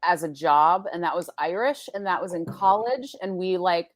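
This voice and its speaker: A woman's voice: lowish voice, moderate pace. A woman co-hosting a podcast in casual chat, easygoing and talkative. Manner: chatty, easygoing. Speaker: podcast co-host.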